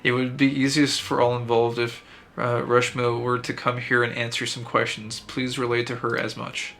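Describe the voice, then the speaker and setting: Brief: man voicing a formal city guard officer, bright, level delivery. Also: mid-range voice, monotone, vocal fry, slight background noise. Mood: officious. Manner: formal, slightly halting read-aloud.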